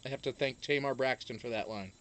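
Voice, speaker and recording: A man's voice: mid-range voice, fast talker, fairly bright tone. A man hosting a live-stream show, chatting casually, rambling and swearing as he greets viewers by name.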